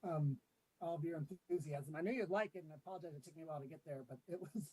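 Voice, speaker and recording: Man, city staff presenter, relaxed and explanatory with fillers; slightly raised pitch, breathy edge. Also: racing, low-quality recording. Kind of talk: meeting presentation. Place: public meeting room with remote attendees.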